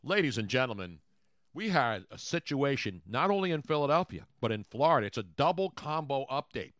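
A man's voice: mid-range voice, very animated, fairly quick, a bit bright, no room sound, clean studio sound. A man co-hosting a podcast, bantering casually with playful jokes and wordplay. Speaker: podcast co-host.

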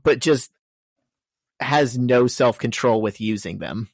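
A man's voice: medium pitch, takes it slowly, creaky, no echo. A man co-hosting a casual podcast, throwing in dry wisecracks. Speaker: podcast co-host. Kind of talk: casual chat.

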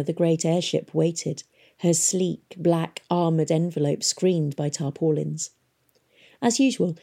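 A woman narrating an audiobook in a steady, expressive storytelling manner. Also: fairly low pitch, vocal fry, slightly rough.

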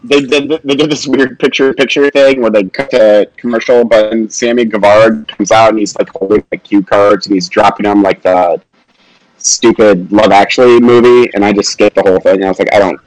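Animated, self-mocking male podcast host. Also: a little fast, no echo, rough recording. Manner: animated, self-mocking, jumps up in pitch when amused. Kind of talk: casual chat.

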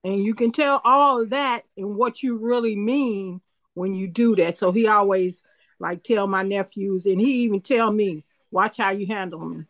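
A woman's voice: mid-range voice, moderate pace. A woman with a grown son, telling a story as a guest in a podcast discussion, repeating a favorite saying. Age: older. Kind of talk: casual group discussion.

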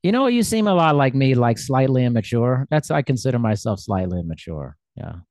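A man's voice: mid-range voice, big pitch swings, brisk, darkish tone, no echo, clean studio sound. Rambling, self-mocking male interviewer. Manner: rambling, self-deprecating, laughs often. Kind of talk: casual conversational interview.

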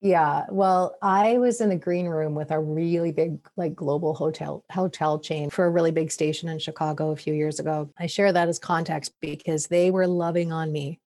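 A middle-aged woman with a very low voice and a gravelly, fry-laden edge, chatting as a podcast guest. She tells her stories with animated energy, stumbling and restarting as she goes. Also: moderate pace, hardly any pauses. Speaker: podcast guest, media expert. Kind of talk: casual interview chat, storytelling.

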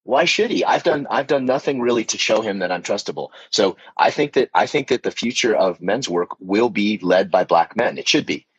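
A man speaking on a panel in a candid, halting way, often repeating words as he thinks. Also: on the low side, breathy edge, dry recording, muffled recording. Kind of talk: casual panel discussion.

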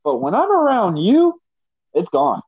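A man hosting a casual podcast, telling stories with lively quoted voices. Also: sits high, unhurried, husky, dry recording. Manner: animated storyteller, voices others in quotes. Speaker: podcast host. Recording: dry, dull lo-fi sound.

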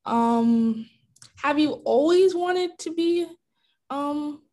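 A woman's voice: high voice, very slow, dark tone. A woman hosting a podcast interview, friendly and polite, asking questions with a few ums. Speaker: podcast host.

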